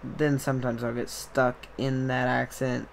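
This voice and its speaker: A man's voice: medium pitch, level tone, a little slow, creaky, a little hiss or hum. A young man hosting a podcast, talking in a rambling, casual monologue that keeps trailing off and restarting. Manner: rambling, trailing off, self-interrupting. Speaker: podcast host.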